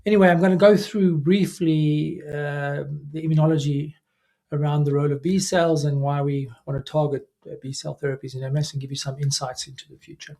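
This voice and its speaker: A man, a neurologist, giving a recorded scientific lecture in a measured way, with frequent fillers and self-corrections. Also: fairly high pitch, steady tone, dark tone. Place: remote recording away from the audience.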